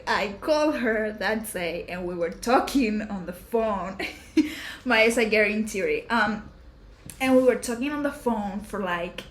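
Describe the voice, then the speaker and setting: A woman in her twenties hosting a podcast, talking in a chatty, emotional way with lots of fillers and restarts. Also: mid-range voice. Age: 20s. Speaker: podcast host. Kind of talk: casual personal chat. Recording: roomy echo with faint background hum.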